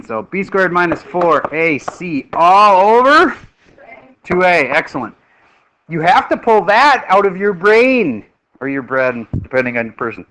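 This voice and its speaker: A middle-aged man teaching a math class, lively and joking as he quizzes his students. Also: high-pitched, measured pace, a little hiss or hum, poor audio.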